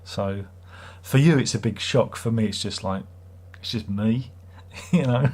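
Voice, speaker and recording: A man's voice: on the low side, unhurried, darkish tone. A middle-aged man hosts a livestream, chatting casually and reading viewer comments in a sarcastic, rambling way. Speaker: livestream host.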